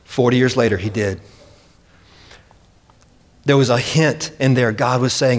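A man's voice: mid-range voice, steady tone, normal speed, pauses often. Emphatic male preacher in a reverberant hall. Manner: emphatic, dramatic quoting. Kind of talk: sermon.

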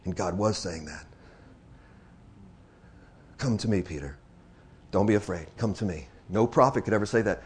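This preacher's voice sits on the low side and sounds slightly rough as he addresses his congregation. His sermon moves between slow, hushed passages and loud, excited exclamations, with repeated phrases for emphasis.

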